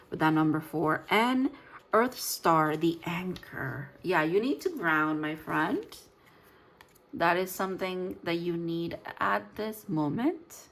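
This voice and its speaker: A woman with a fairly low voice talks through a casual tarot reading. She thinks out loud, trips over words and restarts as she reads card text, and teases herself in a playful way. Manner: playful, jokes about herself. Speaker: tarot reader.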